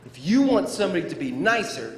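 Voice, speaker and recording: A middle-aged man giving a playful, animated storytelling speech to students as a motivational speaker, in a large school hall. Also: sits high, fast. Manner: animated, playful, acts out sound effects. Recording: echoey hall with faint room noise.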